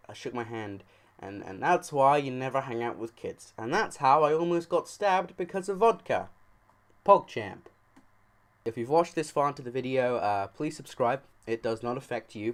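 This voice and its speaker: A man casually telling a funny story on his video channel, cursing freely and acting out what people said. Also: medium pitch. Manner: joking, profane, acts out quoted lines.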